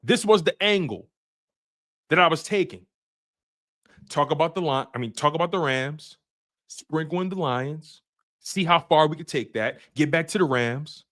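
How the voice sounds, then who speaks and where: Lively high-voiced man hosting a sports stream. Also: normal speed, long pauses. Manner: animated, teasing chat readers by name. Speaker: sports podcast host. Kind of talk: casual live stream talk.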